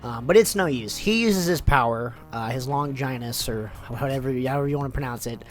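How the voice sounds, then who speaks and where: A man's voice: medium pitch, fairly quick, soft background music. A man giving a loose, rambling spoken summary of a story, full of fillers and swearing. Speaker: YouTuber summarizing light novels.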